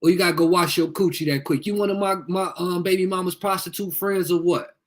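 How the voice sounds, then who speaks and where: A man's voice: high voice, steady tone, fast. Heated, profane man on a phone livestream. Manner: confrontational, profane, repeats himself. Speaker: livestreamer asking viewers for help. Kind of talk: heated live video rant.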